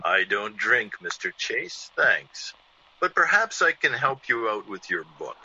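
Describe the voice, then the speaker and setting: An actor playing a suave, mysterious male intruder in an old-time radio drama, smooth and quietly mocking. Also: lowish voice, very animated, measured pace, a little hiss or hum, heavily acted. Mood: calm, teasing. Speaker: uninvited visitor. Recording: dull lo-fi old radio broadcast.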